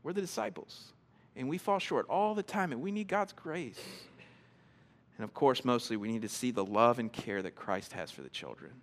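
A man preaching a sermon in a conversational, animated way, often repeating words as he starts a thought and acting out people's reactions. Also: normal speed. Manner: animated, acts out quoted reactions in a higher voice. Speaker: pastor.

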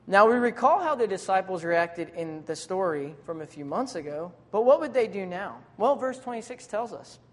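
Preacher delivering a sermon. Relaxed, slangy, animated storytelling, mid-range pitch. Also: big-room sound. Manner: casual, conversational preaching with modern slang; lively, dramatic retelling of scripture scenes.

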